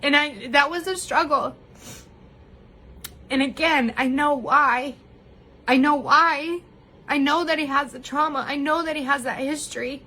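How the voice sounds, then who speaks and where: A woman with a high voice shares a heartfelt personal story on a live stream. She talks openly and candidly to her viewers, laughing often as she goes. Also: measured pace, long pauses, bright, forceful tone. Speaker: vlogger sharing personal story. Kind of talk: emotional live-stream monologue.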